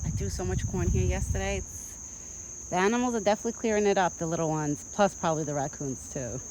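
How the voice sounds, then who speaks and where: A woman's voice: on the low side, brisk, darkish tone, slight background noise, low-quality recording. A young woman vlogging casually outdoors at a rural feeding spot, filming on a handheld phone. She chats in a rambling way and goes sing-song when she talks to the deer. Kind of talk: casual vlog chat. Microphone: phone held in hand.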